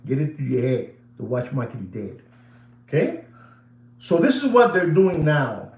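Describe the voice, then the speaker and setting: Male host, casual rant, repeats himself a lot, mixes in Spanish, middle pitch, roomy echo. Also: moderate pace, muffled recording. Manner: animated, repetitive, switches into Spanish phrases. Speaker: watch channel host.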